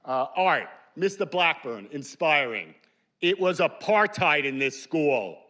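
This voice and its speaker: A combative man in his sixties from New York speaks his piece at a public hearing. His voice is bright and tense, pitched a bit high for a man, and he sounds emotional throughout. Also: very animated, slow. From New Rochelle, New York. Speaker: public commenter.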